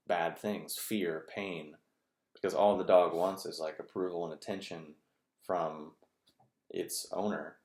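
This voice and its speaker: Man, casual rambling monologue, very low voice, gravelly, echoey room. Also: a little slow, darkish tone. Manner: rambling, filler-heavy, conversational. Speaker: video host.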